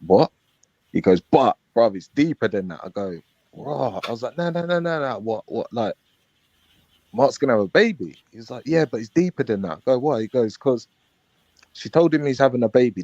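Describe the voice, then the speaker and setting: A man's voice: medium pitch, animated, moderate pace, darkish tone, dry recording. A man telling a rambling story in street slang on a live panel stream. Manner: rambling, street slang, acts out quoted dialogue. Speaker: panel guest. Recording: dull lo-fi stream audio.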